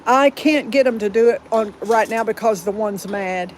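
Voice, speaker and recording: A woman's voice: mid-range voice, moderate pace, poor audio. Southern woman, livestream host, rambling casual chat, faint background noise. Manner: chatty and rambling, firm about rude viewers.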